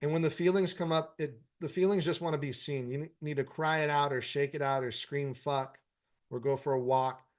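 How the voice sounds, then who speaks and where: A man's voice: fairly high pitch, fairly even intonation, fairly quick. Casual, swearing meditation teacher, a man. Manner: frank, profanity-laced, encouraging. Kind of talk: casual live Q&A, reading viewer comments.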